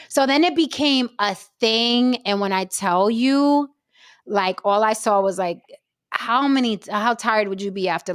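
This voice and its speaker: A brash, animated woman trades stories on a podcast and swears freely. Her voice sits a little high. It is recorded dry and close. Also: dry recording. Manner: brash, profane storyteller, animated. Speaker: podcast co-host. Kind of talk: casual podcast chat.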